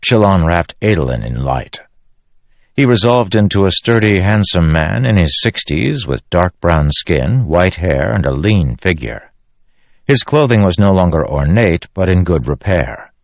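Deep-voiced male audiobook narrator. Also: big pitch swings, measured pace, creaky, dry recording, studio quality. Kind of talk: scripted narration.

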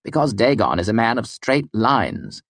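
A man narrates an audiobook, portraying a fatigued, irritable middle-aged mayor whose speech is clipped, brusque and exasperated. His mid-range voice, raised above its natural pitch, is very animated and fairly bright at a normal speed, with no room sound.

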